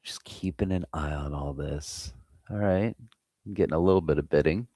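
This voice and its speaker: A man's voice: a bass voice, moderate pace, dark tone, no echo, clean studio sound. An American man hosting a live trading stream, chatting casually and swearing freely while reading the chat. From United States. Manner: loose, profane, chatting with viewers.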